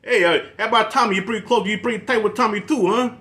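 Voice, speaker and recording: Man playing a streetwise Philly Italian teen, high and bright, cocky. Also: fast. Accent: Philadelphia Italian-American. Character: teenage boy with a sudden Philly Italian accent.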